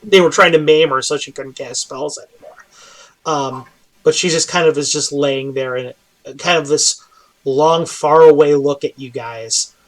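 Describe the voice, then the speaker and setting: A man runs a tabletop role-playing game as game master, narrating scenes in a loose, casual way. His voice sits a bit high, and fillers and restarts run through his speech. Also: normal speed, poor audio.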